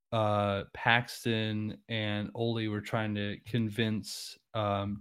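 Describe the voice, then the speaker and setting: A man's voice: lowish voice, smooth, dry recording, studio quality. A man casually discussing a horror film, retelling scenes with lots of fillers.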